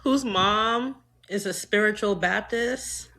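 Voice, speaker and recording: A Trinidadian American woman co-hosting a podcast in casual chat, animated and joking, swearing freely. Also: mid-range voice, slow, vocal fry, slight background noise. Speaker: podcast co-host.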